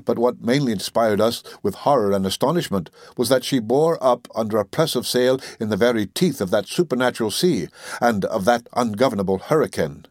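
A man narrating a classic literary story in a measured, solemn storytelling manner. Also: mid-range voice, expressive, no room sound, clean studio sound. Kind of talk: audiobook reading of classic literature.

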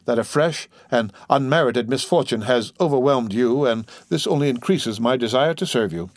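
A man voicing a stern English creditor who talks calmly and in a businesslike way. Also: medium pitch, dry recording, close to an everyday voice. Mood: measured. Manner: calm, measured, businesslike.

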